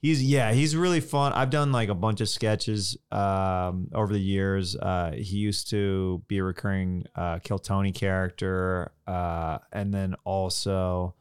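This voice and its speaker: A man's voice: low voice, fairly even intonation, measured pace, few pauses, smooth, no room sound, studio quality. A man who is a comedian, chatting as a podcast guest in an easygoing way and laughing often. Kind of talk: casual podcast chat.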